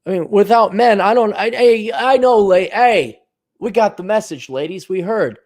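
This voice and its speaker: A man with a high, slightly mellow voice hosts a solo podcast at a moderate pace, reading listener donations aloud and ranting with sarcasm and profanity. In his asides he slips into mocking put-on voices.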